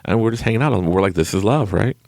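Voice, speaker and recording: Deep gravelly man telling stories, laughing. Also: fast. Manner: laughs often, animated and self-mocking. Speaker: podcast host. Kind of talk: casual storytelling monologue.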